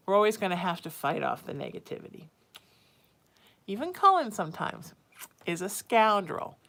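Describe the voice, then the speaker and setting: A woman's voice: medium pitch, fairly bright tone. Woman host chatting and cooing to her cat. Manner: talks baby-talk to her cat between readings. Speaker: psychic show host. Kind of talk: casual live-stream chat.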